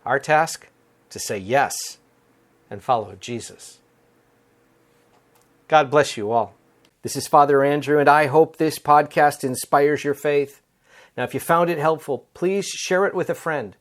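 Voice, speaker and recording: A man with a fairly high voice delivers a short homily as a Catholic priest. He talks in an earnest, conversational way and chuckles now and then, as if speaking with friends in a rectory room. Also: unhurried, long pauses. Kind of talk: conversational daily homily podcast.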